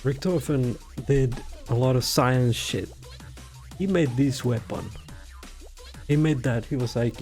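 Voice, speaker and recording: A man rambling through game lore in an irreverent, profane comedic rant, full of giggly asides. His voice sits at a middling pitch, with faint music in the background. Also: slow, pauses often, a little mellow. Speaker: video creator.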